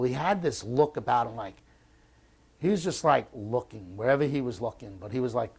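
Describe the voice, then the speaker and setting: An American man in his sixties, a war veteran recounting memories in an oral history interview. He talks bluntly, swears often, and stops and restarts his sentences. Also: medium pitch. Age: 60s. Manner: halting and blunt, with frequent restarts and profanity.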